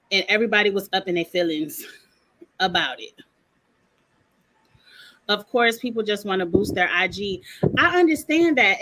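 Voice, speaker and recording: A woman's voice: on the high side, fairly bright tone, rough recording. A woman recapping a reality show in a casual, blunt, sassy way, full of slang and asides.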